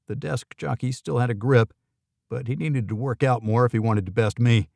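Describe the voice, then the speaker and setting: A man's voice: mid-range voice, steady tone, moderate pace, creaky, darkish tone, dry recording. A man narrating a first-person thriller audiobook in a dry, wry manner.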